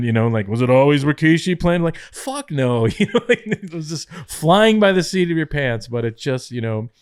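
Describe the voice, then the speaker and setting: A man's voice: mid-range voice, dry recording, studio quality. A middle-aged man, a former head writer, telling a backstage story in casual podcast chat, swearing freely and acting out quotes.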